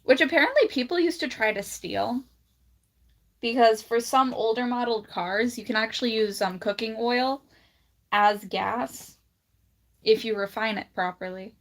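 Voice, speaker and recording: A woman chatting casually on a livestream, blunt and laughing often, with a slight lisp. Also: a little high. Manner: blunt, laughs often, drawls words out slowly.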